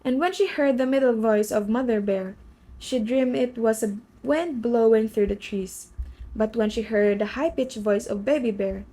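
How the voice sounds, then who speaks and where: A woman's voice: fairly high pitch, darkish tone, rough recording. Woman reading a children's story aloud. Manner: reads with slips and restarts.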